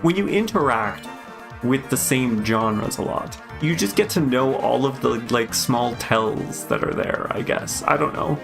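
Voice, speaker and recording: Gaming streamer, man, rambling casual chat, gravelly edge. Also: medium pitch, expressive, unhurried, over music. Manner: rambling, musing, with many fillers. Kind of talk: casual chat while playing.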